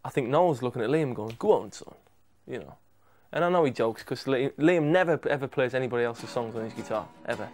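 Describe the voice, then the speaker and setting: A man's voice: medium pitch, quick pace, hardly any pauses, a little mellow. A man in an interview, telling stories about recording in an enthusiastic, rambling way. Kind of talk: casual interview chat.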